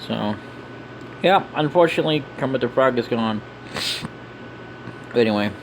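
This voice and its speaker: A man's voice: mid-range voice, expressive, normal speed, slight background noise, rough recording. Joking man voicing game dialogue. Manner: joking, off-hand asides, voices every character. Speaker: let's play commentator. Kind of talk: casual game commentary, reading dialogue aloud.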